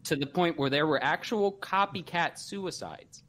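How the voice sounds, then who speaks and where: A man's voice: a little high, unhurried, a crowd in the background. A man co-hosting a casual podcast, speaking bluntly and emphatically with harsh criticism. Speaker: podcast co-host. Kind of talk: casual chat.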